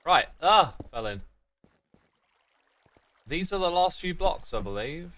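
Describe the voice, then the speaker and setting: A man's voice: fairly high pitch, very animated, takes it slowly, bright, forceful tone. A British man streaming a game, thinking aloud and chatting with his viewers in a casual way. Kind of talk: casual livestream commentary.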